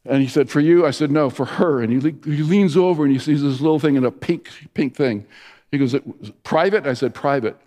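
A middle-aged male pastor delivers a sermon in a mellow, medium-pitched voice at a brisk pace. His storytelling is full of restarts and fillers, carried by the long reverb of a large hall.

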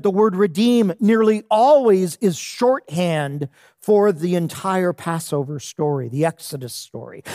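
A pastor preaching a sermon in church, speaking deliberately and letting the pitch fall low at the ends of phrases. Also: darkish tone, dry recording, clean studio sound.

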